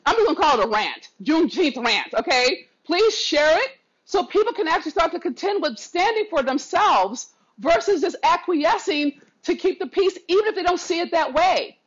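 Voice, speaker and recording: A woman vlogger delivers a fiery, impassioned rant straight to camera, preaching and swearing freely while telling her viewers she loves them. Her voice sits high, and the recording has a dull, slightly lo-fi quality. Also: lively intonation, normal speed. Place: not at home.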